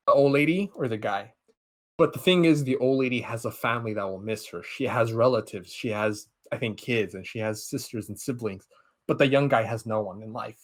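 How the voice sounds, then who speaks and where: A man hosting a podcast, casually recapping a film plot in a rambling, animated way with offhand swearing. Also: medium pitch. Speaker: podcast host.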